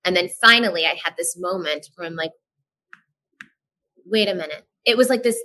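A woman talks as a podcast guest, telling her own story candidly. Her voice is bright and forward. She is animated and frank, swears casually, and slips into quick voices for the people she quotes. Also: fairly low pitch, rough recording.

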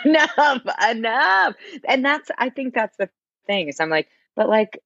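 A woman co-hosting a podcast in casual chat, animated and emphatic, laughing often. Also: medium pitch, normal speed, dry recording. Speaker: podcast co-host. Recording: slightly dull dry mic.

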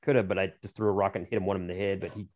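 A man's voice: low-pitched, little pitch movement, very fast, lo-fi sound. A man on a podcast as a guest author, chatting casually in a rambling, jokey way with frequent restarts. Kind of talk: casual chat.

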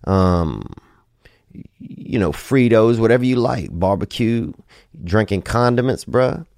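Male podcast host, very low voice, loose drawling delivery, dry close sound. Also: expressive, slow, vocal fry, darkish tone, no room sound. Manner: loose, drawling, joking, swears casually. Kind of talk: casual rambling podcast talk.

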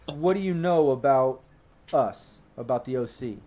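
A man's voice: mid-range voice, a little slow, mellow, slight background noise, natural voice. A man voicing a young, blunt cyborg corporate executive in a tabletop game, talking casually and swearing.

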